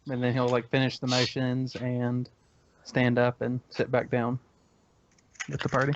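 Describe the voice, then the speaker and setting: A man's voice: medium pitch, completely flat delivery, measured pace, a little hiss or hum. A man playing a tabletop game, casually describing his character's moves with hesitant fillers, on a dull lo-fi recording. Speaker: player.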